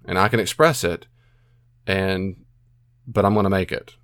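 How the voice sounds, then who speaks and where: Earnest low-voiced man giving advice. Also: steady tone, moderate pace, long pauses, fairly bright tone, dry recording, clean studio sound. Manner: earnest, repeats phrases, acts out self-talk. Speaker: podcast host answering a listener. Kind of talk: casual advice monologue.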